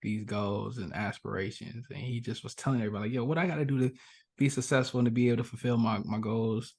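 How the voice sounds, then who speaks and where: A man's voice: fast talker, slightly rough. A young man from Chicago's South Side, a podcast guest, telling a story casually and acting out the characters' voices. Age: young adult. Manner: animated, acts out voices in his stories with big pitch jumps.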